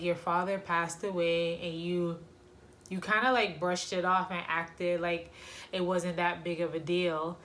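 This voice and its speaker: Woman telling a personal story slowly. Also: fairly low pitch, fairly bright tone, slight background noise. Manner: slow, reflective, with many pauses and fillers. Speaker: vlogger sharing a personal story.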